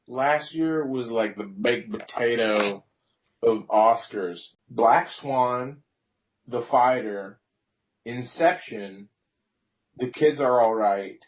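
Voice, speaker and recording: A man's voice: mid-range voice, rough recording. A man co-hosting a podcast in casual chat, laid-back and joking. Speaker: podcast co-host.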